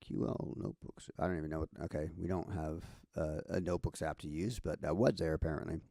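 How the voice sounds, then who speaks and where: A man's voice: very deep voice, fairly even intonation, fast talker, gravelly, dark tone, dry recording, clean studio sound. A man giving a casual screen-share tutorial, thinking aloud with many fillers and restarts. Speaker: instructor.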